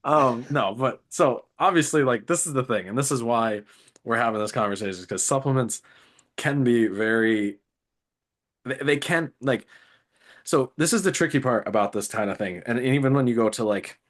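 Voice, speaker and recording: A man hosting a casual chat, relaxed and rambling, with lots of filler words. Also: medium pitch, moderate pace. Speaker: podcast host.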